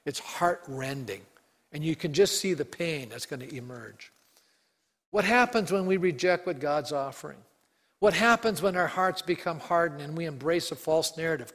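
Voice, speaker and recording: A man preaching a sermon as pastor, reading scripture aloud with earnest emphasis and letting key lines fall slow and soft. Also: on the high side, in a large hall.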